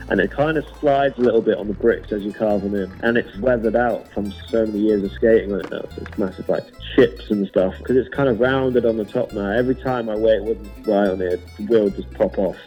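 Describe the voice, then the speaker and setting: A man's voice: lowish voice, darkish tone. Chatty British man over music. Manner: rambling, chatty, laughs at his own stories. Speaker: pro skateboarder. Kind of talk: casual recollection. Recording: dull sound with music behind.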